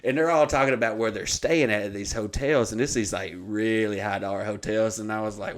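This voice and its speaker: A man's voice: on the low side, very fast, few pauses. A man telling a comic story on a podcast, swearing freely and acting out the voices of the people in it. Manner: profane, animated, acts out quoted voices.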